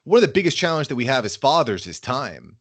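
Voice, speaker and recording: A man's voice: medium pitch, big pitch swings, fast talker, fairly bright tone, breathy edge. A man in his thirties, a podcast guest, talking casually and enthusiastically. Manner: upbeat and enthusiastic. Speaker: podcast guest, fatherhood brand founder. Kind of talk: casual interview conversation.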